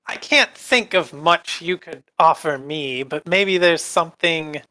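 A man's voice: fairly high pitch, unhurried, sharp tone, no echo. A man voicing a sneering, bored spectre in a tabletop role-play, drawling and contemptuous. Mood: menacing.

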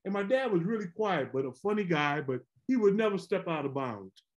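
A middle-aged man, a former pro basketball player, telling animated, rambling stories on a podcast. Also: high voice, brisk. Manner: animated, rambling, repeats words. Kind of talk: casual storytelling chat.

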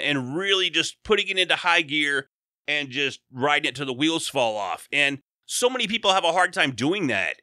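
A man's voice: a little high, sharp tone, no room sound, studio quality. A man hosting a podcast interview, chatty and rambling, with frequent restarts. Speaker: podcast host. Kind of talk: casual interview chat.

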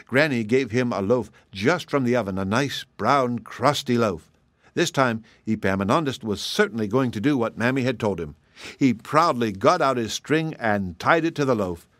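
A man reads a children's story aloud in a measured, gentle way. His voice sits at a middle pitch. The recording is dry and close, with no room sound. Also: dry recording. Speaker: narrator reading a children's story.

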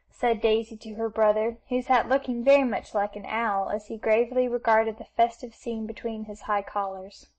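A woman narrating a classic novel as an audiobook reader, in a steady storytelling manner. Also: on the high side, normal speed, hardly any pauses, low-quality recording.

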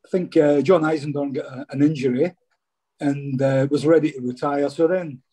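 A man's voice: fairly high pitch, steady tone, moderate pace, warm tone, husky. A Scottish former footballer, a man, chatting casually in an interview and telling rambling stories, often saying "mate". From Scotland.

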